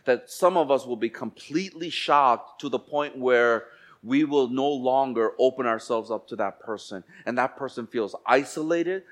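A male pastor preaching a sermon in church. He swings between hushed, slow lines and loud outbursts, and acts out quoted voices. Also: mid-range voice.

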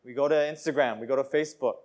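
A man's voice: medium pitch, fairly even intonation, racing, a little mellow. A man preaching a sermon in an earnest, conversational way, repeating phrases and restarting sentences.

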